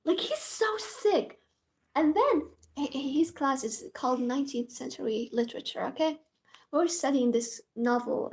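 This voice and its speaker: High-voiced young woman telling a story. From Morocco. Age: young adult. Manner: dramatic, animated, swears casually. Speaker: university student, vlogger. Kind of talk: casual storytime vlog.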